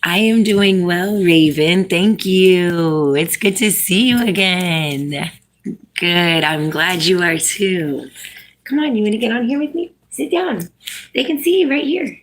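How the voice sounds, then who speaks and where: A woman's voice: fairly low pitch, expressive, slow pace. A woman hosting a casual live stream, chatting with viewers, reading out their comments and coaxing her dog to sit.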